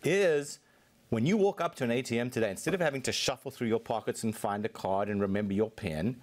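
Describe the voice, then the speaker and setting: A man being interviewed as a technology executive, explaining his points fluently and in a measured way. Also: mid-range voice. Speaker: Microsoft technology executive, guest. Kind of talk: interview answers.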